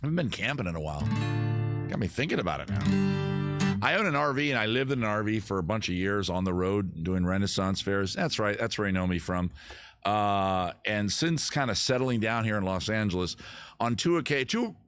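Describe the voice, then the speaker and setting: A lower-pitched man chats loosely through his music stream, wandering from topic to topic with a self-mocking edge. Faint guitar sounds drift behind him. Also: lively intonation, normal speed. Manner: rambling, easily sidetracked, self-deprecating. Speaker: livestream music host. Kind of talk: casual chat reading viewer comments.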